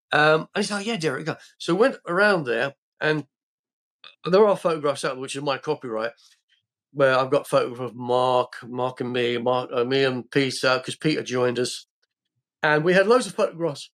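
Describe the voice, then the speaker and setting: A man's voice: mid-range voice, moderate pace, fairly bright tone. An older man from England, a podcast guest telling rambling anecdotes in a casual way, full of restarts and fillers.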